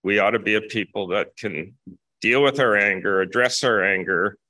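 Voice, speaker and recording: A man preaching a sermon in a measured way, repeating key phrases for emphasis. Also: lowish voice, bright, forceful tone, dry recording.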